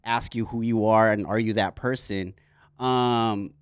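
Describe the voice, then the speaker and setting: A man hosting a casual podcast chat, telling animated stories full of slang and swearing. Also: lowish voice, unhurried, clean tone, dry recording, clean studio sound. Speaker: podcast host. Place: podcast studio.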